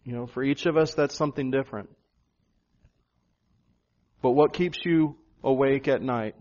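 A male pastor preaching a sermon, animated, jumping up in pitch for emphasis. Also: moderate pace, dull audio.

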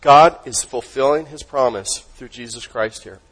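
A male pastor delivering a sermon in an emphatic, teaching manner. He throws questions out to the congregation and lets his voice sink almost to a hush on the words he wants to stress. His voice sits at an ordinary middle pitch. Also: normal speed, rough recording.

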